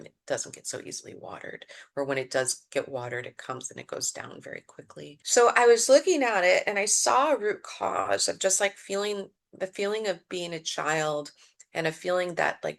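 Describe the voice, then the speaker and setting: A mindfulness coach, a woman with a somewhat low voice and a gravelly texture of vocal fry. She tells a personal story in an interview, expressive and reflective. She sometimes drops to a hushed tone. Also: low-quality recording. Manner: expressive storyteller who acts out dialogue.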